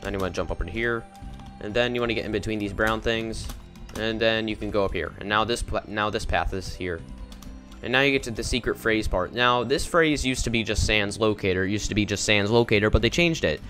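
A man's voice: on the low side, brisk, a bit bright, soft background music. A young man casually talking through a game walkthrough in a rambling, offhand way. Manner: rambling, casual, easily confused. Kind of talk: casual gameplay commentary.

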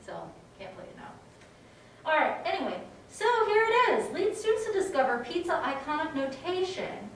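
A woman teaching a music education class in a casual, animated way, now and then singing short rhymes. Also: very high-pitched, normal speed, a little hiss or hum. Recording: echoey room, mic from a distance.

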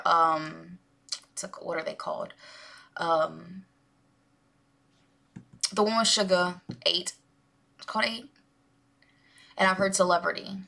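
A woman's voice: on the low side, gravelly, pushed and bright. Gushing woman reacting to music. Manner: gushing, rambling, many fillers. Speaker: reaction video host. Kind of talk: casual music reaction commentary.

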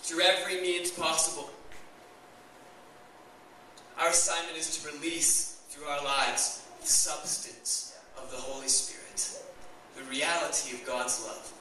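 A man's voice: fairly high pitch, steady tone, unhurried, pushed and bright, slight background noise. A young man preaching a sermon as pastor, enthusiastic and conversational, recorded in a church hall. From Canada. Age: young adult. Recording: echoey church hall, mic far off.

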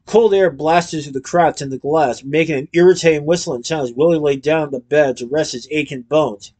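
A man narrating a children's storybook aloud in a lively storytelling manner. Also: a little high, brisk. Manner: lively storytelling with character voices.

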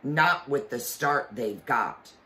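A reader voicing a grumbling male dwarf servant, gruff and complaining. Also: mid-range voice, slow, pushed and bright, echoey room.

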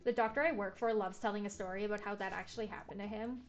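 A woman's voice: medium pitch, fairly even intonation, quick pace, soft background music. A young woman streaming a game, chatting casually, full of filler words and jokey asides. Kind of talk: casual let's-play commentary.

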